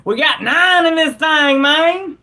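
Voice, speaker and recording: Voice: sits high, lively intonation, takes it slowly, sharp tone. Laid-back, slangy live streamer. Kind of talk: casual live-stream chat.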